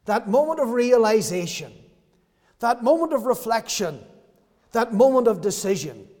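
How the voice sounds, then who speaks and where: Guy with a high voice preaching, says the key lines over and over, long echo like a big hall. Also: big pitch swings, moderate pace, darkish tone. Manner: earnest, repeats key phrases for emphasis. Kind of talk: sermon.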